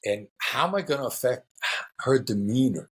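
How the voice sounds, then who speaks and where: A middle-aged man, a former hostage negotiator, answering interview questions in a relaxed storytelling way and acting out quoted voices. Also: medium pitch, normal speed, husky.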